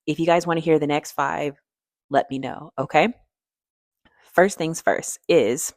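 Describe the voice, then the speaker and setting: A woman's voice: deep voice, moderate pace, gravelly, a little mellow, no echo, studio quality. A woman therapist giving direct, emphatic advice to camera, often checking in with "okay?". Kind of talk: casual advice talk to camera.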